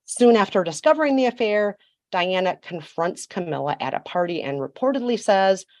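A woman's voice: medium pitch, expressive, normal speed, a little mellow, no echo, clean studio sound. A woman telling a story as a podcast guest, emphatic and sassy, with mocking asides. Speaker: podcast guest, royal commentator. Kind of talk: storytelling chat.

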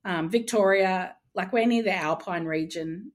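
A woman's voice: medium pitch, measured pace. A woman with an Australian accent, co-hosting a podcast in casual chat, sometimes searching for her words. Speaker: podcast host.

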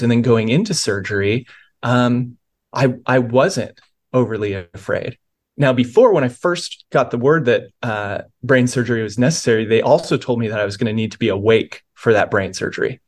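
A man's voice: medium pitch, normal speed. A man, a pastor and author, earnestly telling a personal story of faith in a podcast interview, with many restarts.

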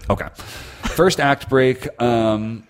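A man's voice: mid-range voice, takes it slowly, a little hiss or hum. A man co-hosting a comedy podcast, chatting casually and building up bits with mock seriousness. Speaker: podcast co-host.

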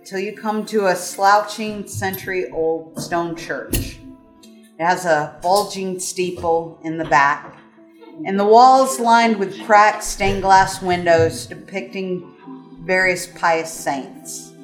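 A woman narrating a tabletop game as game master, describing scenes slowly. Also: lowish voice, reverberant, soft background music.

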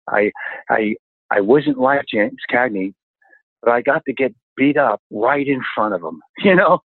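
An older man in his sixties spins animated stories about his stunt career, exclaiming as he goes. His voice sits a bit low and comes through a dry, tinny, phone-like line. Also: normal speed, no room sound. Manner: animated anecdotes, exclaims often. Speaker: stunt coordinator guest. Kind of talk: storytelling interview chat.

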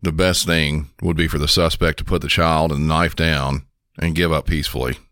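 A man tells the story of a police call in a calm, matter-of-fact scripted narration. His voice sits very low but has a bright, forward edge. The recording is dry and close-miked. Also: normal speed, dry recording.

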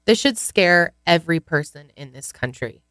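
A woman with a somewhat low voice co-hosts a podcast in casual chat. She sounds emotional and outraged, sliding into sarcasm. Her voice is dry and close to the mic. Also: animated, moderate pace, a bit bright, no echo. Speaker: podcast co-host.

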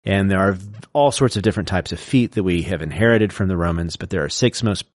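Low-voiced man explaining poetry. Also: dry recording, clean studio sound. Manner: lecturing, recites verse slowly to show stress. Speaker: podcast co-host explaining poetry. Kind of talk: casual explanatory chat.

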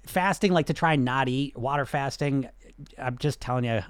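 A middle-aged man coaching on weight loss and answering questions, blunt and animated, firing off rhetorical questions. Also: medium pitch, moderate pace, clear, resonant tone, no room sound.

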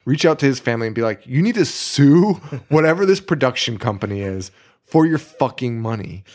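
A man's voice: medium pitch, brisk. A man co-hosting a podcast, talking casually and ranting with a lot of swearing. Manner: profane, ranting, animated. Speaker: podcast co-host. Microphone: studio microphone.

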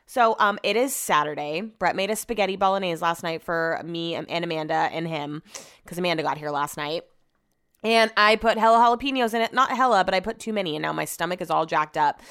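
A Californian woman talks straight to her camera in a casual vlog, her voice sitting a little low. She rambles through the story with restarts and plenty of swearing. She sounds shaken and upset. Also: brisk, fairly bright tone, clear, resonant tone. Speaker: vlogger.

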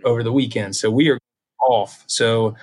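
A man's voice: medium pitch, fairly even intonation, moderate pace, darkish tone, husky. Upbeat man running a quiz. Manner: upbeat, encouraging, chuckling between questions. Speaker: podcast co-host asking quiz questions. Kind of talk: casual podcast chat.

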